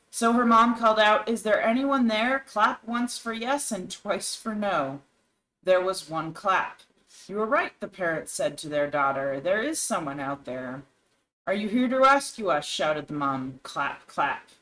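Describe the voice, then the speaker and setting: A woman's voice: mid-range voice, fairly bright tone, rough recording. A woman co-hosting a talk show, reading scary stories aloud with dramatic storytelling and shifting voices for the characters. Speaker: co-host.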